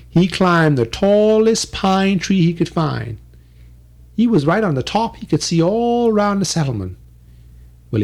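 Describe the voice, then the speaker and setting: Male oral storyteller; dialect, rhythmic repetition, very animated. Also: a little high. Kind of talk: oral folk-tale telling.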